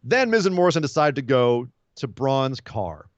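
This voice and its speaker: A man co-hosting a casual wrestling podcast, talking fast and acting out scenes with funny voices. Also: mid-range voice, very animated, no room sound, muffled recording. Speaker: podcast co-host.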